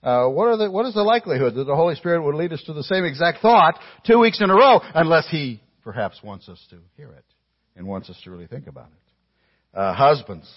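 A man's voice: a little high, very animated, brisk, dull audio. A male pastor preaching a sermon to his congregation, emphatic, posing pointed rhetorical questions and speaking directly to the people in the room.

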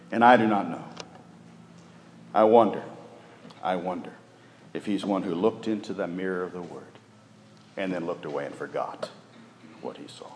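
A man preaching a sermon as pastor, moving between loud urgent pleading and hushed near-whispers. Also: low-pitched, moderate pace, pauses often, echoey room, big-room sound, a little hiss or hum. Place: church sanctuary.

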